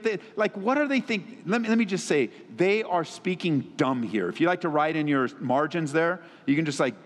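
A man preaching a sermon as a pastor, often sinking into low, quiet tones for emphasis. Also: lively intonation, normal speed, hardly any pauses. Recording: long reverb of a large hall.

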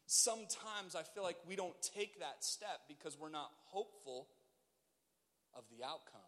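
A man's voice: fairly high pitch, animated, moderate pace, bright, forceful tone, long reverb tail. A man preaching a sermon as pastor, earnest and urgent, putting questions to his congregation.

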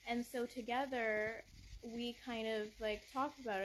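A young woman with a slightly high voice ranting bluntly in a casual monologue, swearing freely and sounding fed up. A faint hiss of background noise sits under her voice. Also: steady tone, measured pace, rough recording. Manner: blunt, profane, exasperated. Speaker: podcast host.

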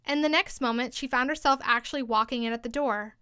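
A woman reading a classic storybook aloud with expressive, lively narration. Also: on the high side, quick pace, clear, resonant tone, dry recording, studio quality. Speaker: storybook reader.

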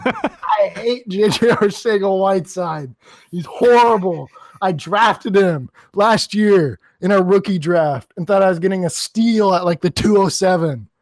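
Ranting, yelling man on a podcast. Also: high-pitched, no echo. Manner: loud swearing rant, yelling at times. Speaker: podcast co-host. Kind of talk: casual sports podcast chat.

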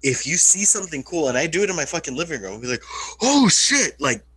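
A man's voice: a little high, animated, very fast, a bit bright, slightly rough, low-quality recording. A man chatting casually on a podcast, loose and profane, with lots of filler words.

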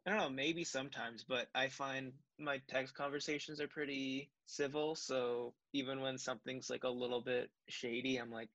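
A young adult man co-hosting a podcast, chatting casually in an easygoing, relaxed way. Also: medium pitch, normal speed, few pauses, dry recording. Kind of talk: casual chat. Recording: dry, muffled sound.

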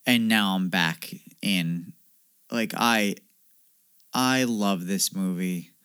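A man co-hosting a casual film podcast, relaxed and dry in his comments, laughing along with his co-host. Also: low-pitched, slow pace, clear, resonant tone, no echo.

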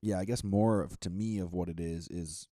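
A man's voice: low-pitched, steady tone, moderate pace, warm tone, dry recording. A man who works as a server, talking casually, blunt and swearing freely. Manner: blunt, profane, enthusiastic. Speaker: restaurant server. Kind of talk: casual chat.

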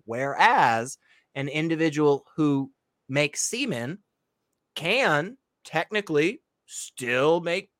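A man co-hosting a casual talk, reacting with disbelief and quick exclamations. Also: on the high side, fairly bright tone, no echo, studio quality. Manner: incredulous, exclaims and laughs. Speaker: co-host. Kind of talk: casual discussion reacting to a video.

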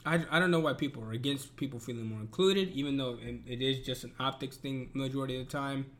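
A man's voice: mid-range voice, fast talker, a bit bright. A man in a casual, profane rant, talking in an exasperated and emphatic way. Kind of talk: casual ranting commentary.

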